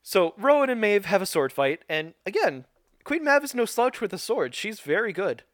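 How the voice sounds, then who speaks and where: A man's voice: sits high, big pitch swings, moderate pace, a bit bright, no echo, clean studio sound. A man co-hosting a podcast, recapping a show in casual chat, rambling and laughing often.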